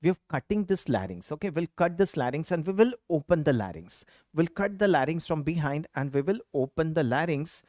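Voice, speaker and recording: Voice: medium pitch, expressive, a little fast, hardly any pauses, dark tone, dry recording, clean studio sound. A teacher giving an exam-prep anatomy lecture, asking the class questions, answering them, and repeating key terms. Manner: quizzes students with questions and answers them himself.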